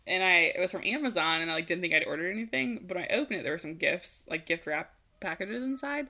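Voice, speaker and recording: A woman's voice: on the low side, lively intonation, quick pace, pushed and bright. A woman co-hosting a podcast in casual chat, chatty and teasing, laughing often and filling her talk with "like". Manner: giggly, teasing, chatty with lots of "like". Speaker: podcast co-host.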